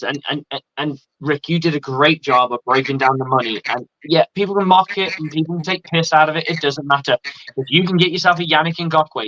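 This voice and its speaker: English guy chatting football on a live show, bright punchy voice, dead dry sound, bit dull. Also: on the high side, no echo. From England. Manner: bantering, swears freely, self-mocking. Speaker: podcast co-host and former coach. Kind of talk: casual sports chat.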